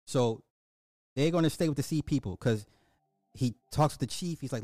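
A man giving an animated, emphatic casual recap of a movie, repeating himself for effect. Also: medium pitch, moderate pace, pauses often, no echo, faint music behind. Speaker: movie reviewer.

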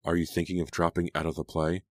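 Male reader doing a blunt teen girl friend, low, dry close sound. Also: flat delivery, fast talker, dry recording. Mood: concerned. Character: concerned teenage girl, frank best friend.

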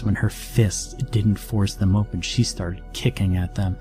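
A man with a low voice narrates a scary story in a steady, dramatic way. Music plays clearly under his narration throughout. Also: measured pace, hardly any pauses. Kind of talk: scripted horror narration.

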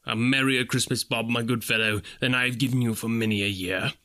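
A man voicing an old miser, newly kindly, who speaks softly and slowly in a storybook reading. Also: medium pitch, steady tone, natural voice. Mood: warm. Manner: soft, hushed and slow.

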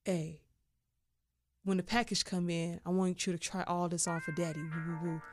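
A woman voicing her boyfriend, who murmurs softly and coaxingly to his girlfriend. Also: high voice, little pitch movement, moderate pace, no echo, studio quality, soft background music.

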